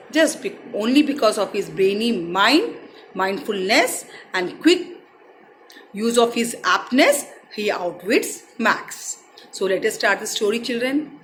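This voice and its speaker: A woman's voice: a little high, a bit bright, slight background noise, poor audio. A young woman teaching a class, reading a story and retelling it in simple words. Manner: explains word meanings, retells each passage in simple words. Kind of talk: reading and explaining a textbook story.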